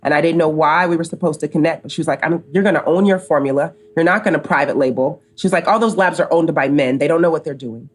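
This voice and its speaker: Speaking fast with hardly any pauses, this middle-aged woman from the United States has a low voice with a breathy edge. A company co-founder and podcast guest, she animatedly tells a long story in a casual interview, performing the dialogue she quotes.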